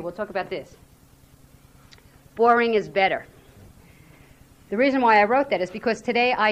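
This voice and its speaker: A woman giving a frank, earnest personal share at a recovery fellowship weekend, talking candidly about her struggles. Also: mid-range voice. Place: weekend retreat venue.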